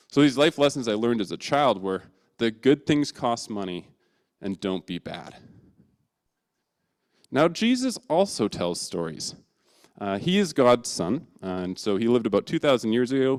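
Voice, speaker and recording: Animated man telling a sermon story. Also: fairly low pitch. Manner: animated, self-deprecating storytelling. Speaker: preacher. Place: church.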